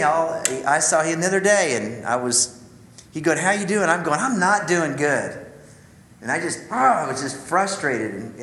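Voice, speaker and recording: A man with a fairly high voice talks men through a lesson in a relaxed, folksy way, mixing personal stories with homespun sayings. His voice carries a noticeable room echo, and a faint hum of ambience sits underneath. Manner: folksy, conversational, addresses listeners as guys. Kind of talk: teaching talk with personal stories.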